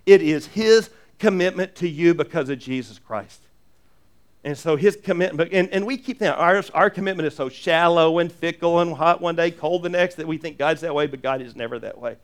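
A man preaching a sermon as pastor, earnest and animated, with jokey asides and lots of repeated restarts. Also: fairly high pitch, fairly quick, clear, resonant tone.

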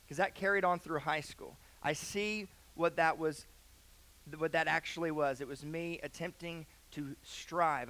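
A young man preaching a sermon in a church, moving from a hushed prayer into earnest personal storytelling. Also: fairly high pitch. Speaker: pastor. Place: church sanctuary.

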